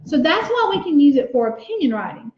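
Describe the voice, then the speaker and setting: High-voiced teacher sounding out words. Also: female voice, very animated. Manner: slow, sounds out letters and words aloud; encouraging. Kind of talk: teaching a writing lesson to young children. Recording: echoey room, slightly dull sound.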